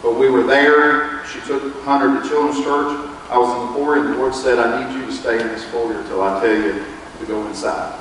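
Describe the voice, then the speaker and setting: A man's voice: medium pitch, moderate pace, a little hiss or hum. A man, preaching as a pastor, telling a personal testimony in a folksy storytelling way. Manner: folksy storytelling, quotes others in lively bursts. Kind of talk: sermon testimony. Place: church sanctuary. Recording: echoey church hall, distant mic.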